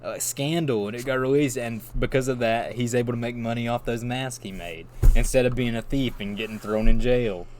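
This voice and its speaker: Man, casual chat, rambling recap, middle-pitched voice, faint background hiss. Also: fairly quick, few pauses, a little mellow. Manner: rambling, enthusiastic plot recap with laughter. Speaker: podcast co-host.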